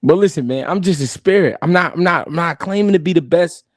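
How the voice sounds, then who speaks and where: A man's voice: a little high, fast talker, dry recording, clean studio sound. A man hosting a live boxing stream, joking and laughing through profane banter.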